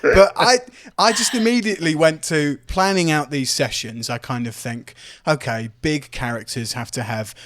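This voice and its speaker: Man, animated podcast chat. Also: a little high, normal speed. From Southwest England. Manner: animated, breaks into character voices. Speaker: game master.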